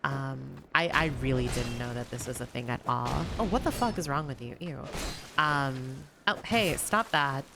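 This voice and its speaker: A young woman chatting casually while streaming a game, rambling with lots of fillers and sometimes lifting her voice higher on purpose. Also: moderate pace, over music. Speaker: gaming streamer. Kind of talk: casual gameplay commentary.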